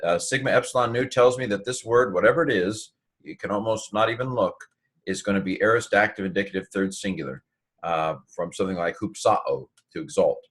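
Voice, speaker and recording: A man's voice: lowish voice, brisk, fairly bright tone. A man teaching a casual Greek lesson, thinking aloud with many fillers and restarts.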